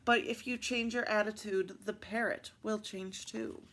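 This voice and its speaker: A woman voicing a wise pirate queen in a picture book read aloud, speaking gently. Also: medium pitch, steady tone, measured pace, slight background noise. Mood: gentle.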